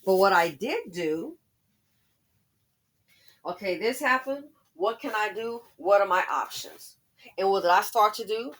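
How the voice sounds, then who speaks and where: A woman's voice: mid-range voice, expressive, unhurried, long pauses, a bit bright. A woman hosting a commentary monologue, emphatic and preachy, repeating her points for force. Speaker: commentary channel host.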